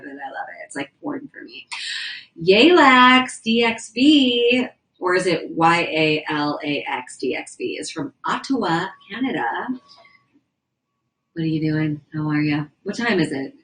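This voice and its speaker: A woman's voice: fairly low pitch, a bit bright, rough recording. A young woman livestreaming, chatting casually and rambling as she reads viewer comments aloud from indoors. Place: indoors at a house.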